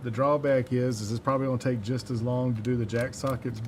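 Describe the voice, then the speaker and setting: A man's voice: mid-range voice, steady tone, quick pace, slight background noise. A man from Mississippi with a mild Southern accent, chatting casually on a livestream while he builds electronics, rambling and chuckling at himself. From Mississippi, USA. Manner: rambling, chuckling, self-deprecating. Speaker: livestreamer building a synth module.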